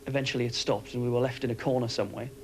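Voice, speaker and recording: A man recounting events for a documentary interview, talking quickly in a steady, matter-of-fact way. His pitch hardly moves, so the delivery stays level. There is a faint hiss on the recording. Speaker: former RAF aircrew interviewee.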